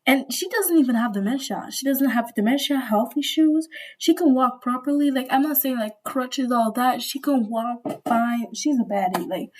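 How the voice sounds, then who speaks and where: A woman's voice: a little high, darkish tone, poor audio. A young woman vlogger, a little sick, rambling and gushing in casual slangy storytime chat.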